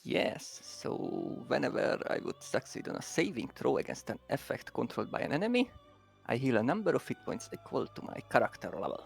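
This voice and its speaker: A man's voice: medium pitch, huge pitch swings, brisk, gravelly, soft background music. A man playing in a tabletop game, methodically reading his character's abilities aloud. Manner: methodical, reads ability text. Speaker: player.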